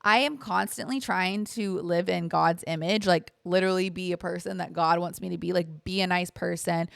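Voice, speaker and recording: A woman's voice: fairly low pitch, steady tone, normal speed, creaky, no room sound, studio quality. A young adult woman hosting a podcast, chatting casually and candidly in a rambling way with lots of fillers and swearing. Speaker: podcast host. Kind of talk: casual chat, storytime.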